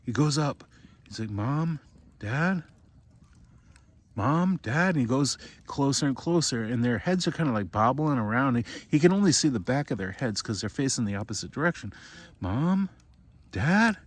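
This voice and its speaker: A father spins an invented horror tale beside an outdoor campfire, his voice fast and expressive. He rambles, repeating himself and starting over often, and climbs into high cries whenever he voices the boy.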